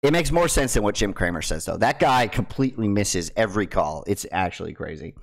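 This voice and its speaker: A young man talking casually to camera as a crypto YouTuber, teasing his viewers and dropping from loud bursts to hushed asides. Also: on the low side, expressive, fairly quick, vocal fry.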